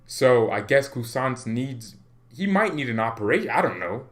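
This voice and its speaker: A man's voice: medium pitch, very animated, moderate pace. A young man hosting a fan channel, giving casual, jokey football commentary and acting out mock phone calls.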